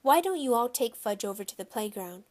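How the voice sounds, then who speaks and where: A woman's voice: fairly high pitch, expressive, fairly quick, lightly acted. A woman playing a flustered, fussing mother. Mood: fretful.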